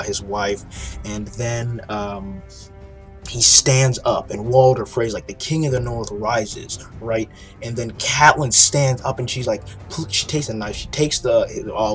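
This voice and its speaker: A man with a somewhat low voice recaps a TV episode in a casual video review. He talks excitedly, swears freely and restarts his sentences often. Faint music sits underneath. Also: unhurried. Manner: excited, profane storytelling with frequent restarts.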